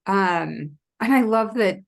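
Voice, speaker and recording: A woman who is a guest on a podcast, speaking reflectively in casual conversation, pausing to think with "um". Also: medium pitch, lively intonation, vocal fry. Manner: reflective, thoughtful, with fillers. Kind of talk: casual interview chat.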